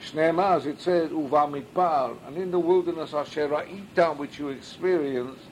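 A man's voice: a little high, animated, normal speed, hardly any pauses, a little hiss or hum, rough recording. A man teaching a Midrash class as a rabbi, reading Hebrew and then translating it, and asking rhetorical questions that he answers himself. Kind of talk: Midrash study lesson.

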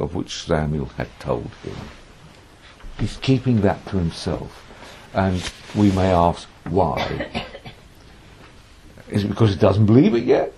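A man's voice: low voice, very animated, measured pace, vocal fry, warm tone, slight background noise. A man teaching a lesson on a biblical text, reading Hebrew verses aloud, translating them, and giving quoted speech dramatic emphasis. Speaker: Bible teacher.

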